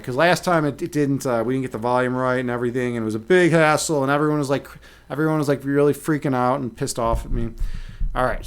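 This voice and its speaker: A man in his thirties hosting a live stream, chatting casually with his viewers, rambling through profane, animated stories and laughing at his own jokes. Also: medium pitch. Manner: many restarts and fillers, animated storytelling.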